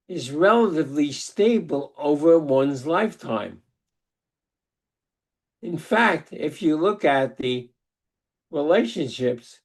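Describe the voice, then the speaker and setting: Slow, deliberate older man lecturing. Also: on the high side, a little mellow. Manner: deliberate, halting delivery with many restarts. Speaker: psychologist giving a webinar talk. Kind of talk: lecture with personal storytelling. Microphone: video call microphone.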